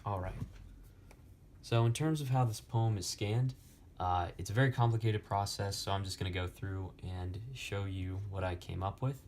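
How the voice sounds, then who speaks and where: A young man slowly explaining Latin poetic meter in a lesson, with many pauses and fillers. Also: fairly low pitch, steady tone, darkish tone, a little hiss or hum. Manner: slow, halting, many fillers. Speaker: Latin tutor.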